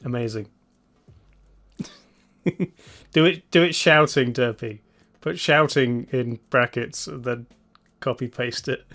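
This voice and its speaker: Slow, laid-back male streamer. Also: medium pitch, a bit bright. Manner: laid-back, chuckling, hums idly while waiting. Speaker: streamer host. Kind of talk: casual live-stream commentary.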